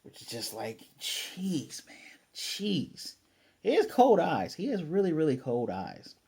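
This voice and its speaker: A man's voice: a little high, huge pitch swings, moderate pace, creaky, warm tone, slightly rough. A man casually recapping an anime episode as a reviewer, rambling with lots of fillers and restarts.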